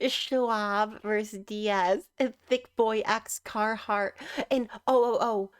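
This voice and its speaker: A young woman giving casual, teasing reaction commentary on online clips, sarcastic and quick to laugh. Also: medium pitch, fairly even intonation, smooth.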